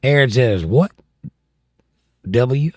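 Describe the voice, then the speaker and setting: A man's voice: medium pitch, expressive, drawn-out words, darkish tone, no echo, studio quality. A middle-aged man with a Southern accent, hosting a livestream and joking as he reads viewer comments aloud. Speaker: livestream host. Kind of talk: casual chat.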